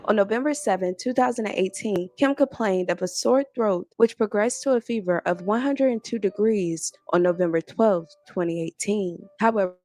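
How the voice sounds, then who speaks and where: A woman narrating a scripted news documentary in an even, measured read. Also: medium pitch, no echo.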